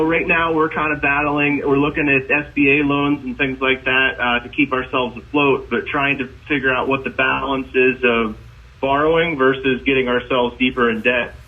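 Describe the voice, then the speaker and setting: A man from Colorado calling in with a question, speaking hesitantly with many fillers. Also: medium pitch. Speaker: caller, restaurant owner. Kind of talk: phone-in question. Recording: tinny phone line.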